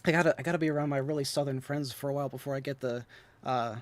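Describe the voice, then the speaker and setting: An American man reading passages aloud for a podcast, quick and light in his delivery, taking casual breaks to chat. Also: mid-range voice, steady tone. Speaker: co-host reading quoted passages.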